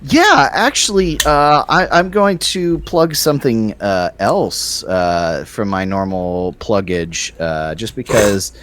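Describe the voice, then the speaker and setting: A man co-hosting a gaming podcast, talking haltingly with lots of fillers and laughing easily. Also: lowish voice, expressive, a bit bright, slight background noise. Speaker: podcast co-host. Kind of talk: casual podcast chat.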